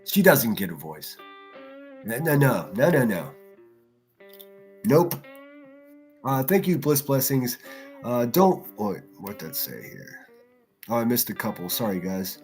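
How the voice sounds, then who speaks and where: A man hosting a livestream, ranting in a crude, mocking way and shifting in loudness as he talks. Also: medium pitch, very animated, unhurried, long pauses, soft background music. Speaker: livestream host. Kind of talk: profane livestream rant.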